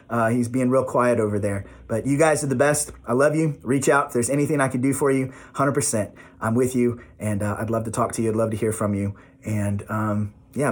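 Husky man giving a pep talk. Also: medium pitch. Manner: encouraging, repetitive, affectionate. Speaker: motivational vlogger. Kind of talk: casual motivational talk to camera. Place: at home.

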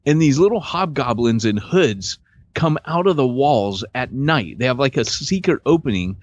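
A man in his forties co-hosts a podcast, spinning a story in casual conversation and animatedly acting out the different voices. His voice sits in the mid range at a normal pace, and the audio sounds dull.

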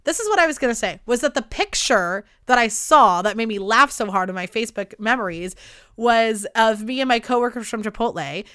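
A woman in her twenties telling a rambling, animated story in a casual monologue, swearing freely. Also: on the high side, a little fast, clean tone. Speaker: podcast host.

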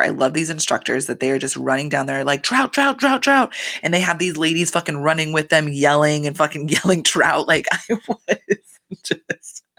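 A woman's voice: low voice, gravelly. Chatty, swearing woman recapping gossip. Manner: profane, filler-heavy with constant "like"; animated, acts out quotes with laughter. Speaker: reality show recapper. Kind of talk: casual recap chat.

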